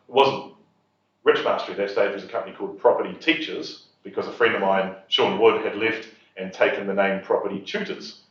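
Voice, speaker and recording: A man's voice: fairly low pitch, fast, fairly bright tone. Wry New man in an echoey hall. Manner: wry, chuckles at his own punchlines. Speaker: speaker at a property investors' event. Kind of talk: humorous storytelling talk to an audience. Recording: echoey hall, distant mic, dull sound.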